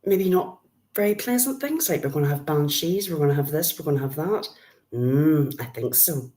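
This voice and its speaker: Northern Irish woman, middle-aged, low voice, friendly live-stream chatter. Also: animated, moderate pace, warm tone. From Northern Ireland. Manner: chatty, greets viewers by name, calls them love. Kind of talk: casual live-stream chat with viewers.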